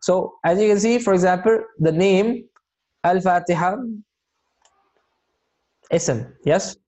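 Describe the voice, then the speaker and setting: A man teaching an Arabic grammar lesson in a mellow, warm voice. He explains patiently, one step at a time, and checks in often to encourage his students. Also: sits high, slow pace. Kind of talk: online class teaching.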